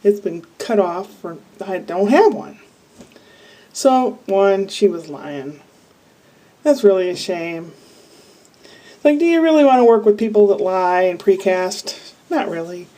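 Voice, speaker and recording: A woman's voice: medium pitch, expressive, a little slow, long pauses, warm tone. A woman from Iowa talking to camera in a casual, rambling, candid diary-style monologue full of asides. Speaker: vlogger. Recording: voice a bit far from the mic.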